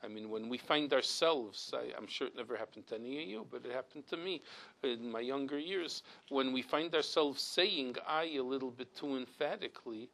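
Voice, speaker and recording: A man's voice: mid-range voice, moderate pace, gravelly, fairly bright tone, rough recording. Earnest middle-aged man teaching a religious class. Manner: earnest, emphatic teaching with frequent restarts and repeated words. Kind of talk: weekly religious text class.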